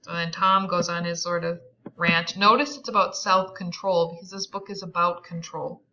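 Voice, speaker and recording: A woman teacher talking a class through a novel, chatty and animated with lots of fillers. Her voice sits low but sounds bright and forceful. The recording is dull and lo-fi. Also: normal speed, a little hiss or hum. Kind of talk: classroom reading and commentary.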